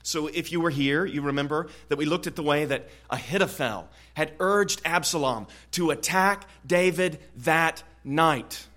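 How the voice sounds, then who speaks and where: A man preaching an expository sermon in an earnest way, often repeating words and growing louder on key points. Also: on the high side, unhurried, few pauses. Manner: earnest, frequent word repetitions, swells louder on key points.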